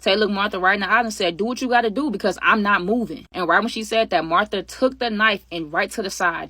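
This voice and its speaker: Fast-talking woman telling a story. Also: medium pitch, no room sound. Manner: animated, quotes others in her own voice. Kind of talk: casual storytime.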